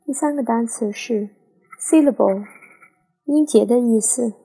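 A woman talks through an English sentence in a language lesson, going word by word. Her voice sits a little high but has a gravelly, husky grain, and her tone is dark and mellow. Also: unhurried. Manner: clear step-by-step explanation. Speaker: English teacher.

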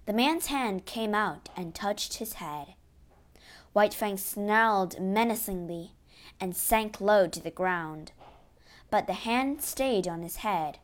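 A woman reading a children's adventure story aloud in a steady, expressive way. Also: medium pitch, slow. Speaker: narrator.

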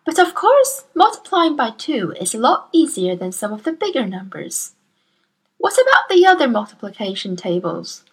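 A woman reading a storybook, voicing a kind young schoolteacher who speaks to her class in an encouraging, measured way. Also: a little high, big pitch swings, a bit bright, husky, exaggerated voice. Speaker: teacher.

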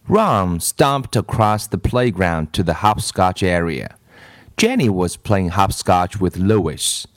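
A man reading a children's storybook aloud with expressive narration. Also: lowish voice, no room sound, clean studio sound.

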